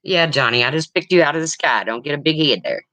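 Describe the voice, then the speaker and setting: An older woman chatting on her livestream in a blunt, rambling, defensive way. Her low voice gets her mistaken for a man, yet it sounds bright and edgy, and her pitch jumps around a lot as she talks. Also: expressive, fast, dry recording. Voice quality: low, husky-sounding voice, often mistaken for a man's. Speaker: livestream host. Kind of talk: casual livestream chat.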